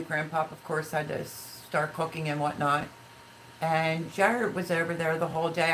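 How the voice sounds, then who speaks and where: A woman in her fifties chats through a live stream, reading out viewer comments and drifting into emotional personal stories. Her voice sits a little on the low side. A faint hiss of background noise runs under the recording. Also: a bit bright, poor audio. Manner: chatty, emotional storytelling, reads viewer comments aloud. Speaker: livestream host. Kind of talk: casual livestream chat with viewers.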